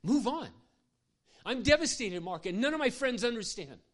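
A preacher putting on a grieving young woman who is overwhelmed with distress. The voice is lifted somewhat higher and sounds pleading. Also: measured pace, darkish tone, close to an everyday voice. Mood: devastated. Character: grieving young woman, devastated horse lover.

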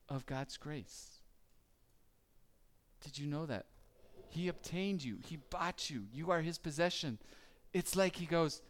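A man preaching a conversational sermon, asking the listeners questions and acting out their worries. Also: a little high. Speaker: pastor.

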